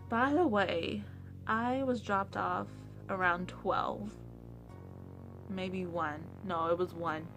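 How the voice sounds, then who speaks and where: Chatty young woman telling a story. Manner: chatty, acts out quotes in a higher voice. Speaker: vlogger. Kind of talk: casual storytime vlog.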